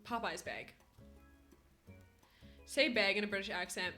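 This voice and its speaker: A woman's voice: mid-range voice, lively intonation, slow pace, pauses often, bright, forceful tone. A woman streamer chatting casually with her viewers and laughing a lot, often breaking into giggling fits. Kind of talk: casual live-stream chat. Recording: faint music behind.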